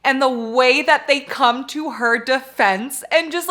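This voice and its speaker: A woman in her twenties chatting casually in a reading vlog, gushing and excitable, swearing freely. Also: sits high, normal speed, few pauses. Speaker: reading vlogger.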